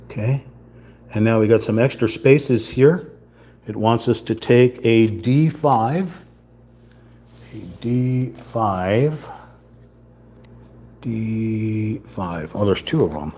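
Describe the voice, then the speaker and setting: A man with a lowish voice talks his way through a model kit on a live stream. He takes it slowly and unhurriedly, half-muttering each step to himself as he fits small parts together. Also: mellow, a little hiss or hum. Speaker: puzzle-building streamer. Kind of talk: live-stream build commentary.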